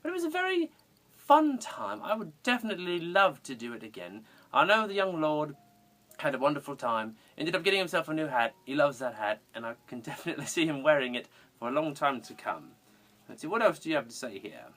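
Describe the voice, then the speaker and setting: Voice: mid-range voice, sing-song, a little fast, fairly bright tone. A fan cosplayer playing an eccentric, giggling retired male undertaker from England, with a theatrical sing-song delivery and fond, whimsical manner. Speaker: fan cosplay answering viewer questions. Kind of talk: in-character fan parody video.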